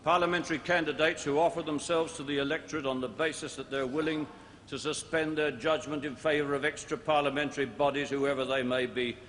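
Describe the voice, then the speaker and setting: Older guy giving a measured speech at a party conference, old broadcast tape, slight hiss. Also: a little high, fairly even intonation, fairly bright tone. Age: 60s. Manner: measured, deliberate oratory with emphatic repetition. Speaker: politician addressing a party conference. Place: large indoor conference hall. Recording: archive broadcast, long hall reverb, faint noise.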